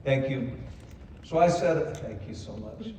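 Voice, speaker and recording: An older man, a company co-founder, telling a personal story in a folksy, self-deprecating way, hoarse from speaking. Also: medium pitch, lively intonation, unhurried, mellow, slight background noise. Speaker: company co-founder giving a convention speech. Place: large convention hall. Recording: echoey hall from far off.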